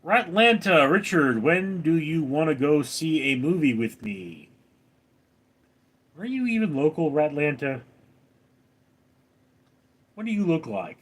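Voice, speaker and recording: A man's voice: on the high side, expressive, takes it slowly, long pauses. A man hosting a casual livestream, reading viewer comments aloud and answering them with wry jokes. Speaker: livestream host reading chat. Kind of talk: casual live chat.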